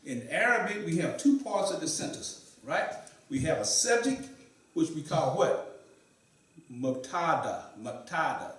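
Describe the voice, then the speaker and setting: Teacher quizzing a class in an echoey room. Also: male voice, on the high side, big pitch swings, a little slow, fairly bright tone, distant mic. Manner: asks the class frequent quiz questions, repeats answers. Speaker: Arabic teacher. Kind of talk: classroom teaching with questions to students. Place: mosque classroom.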